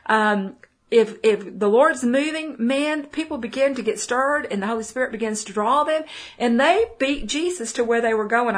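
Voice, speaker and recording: A woman's voice: a little high, breathy edge. A middle-aged woman with a Texan accent giving a folksy, conversational Bible teaching, full of fillers and restarts. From Texas. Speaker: preacher.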